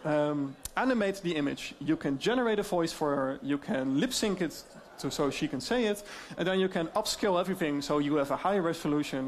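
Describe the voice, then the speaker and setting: A man with a Dutch accent giving a conference talk on deepfakes, explaining in a lively way with many fillers. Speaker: speaker on AI deepfakes.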